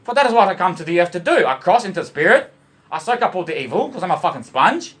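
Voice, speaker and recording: Talking fast in a high, very animated, slightly bright voice, an Australian man rambles at the camera for his vlog. He curses constantly, riffs loosely on emotion and love, and keeps shouting out to the "boys."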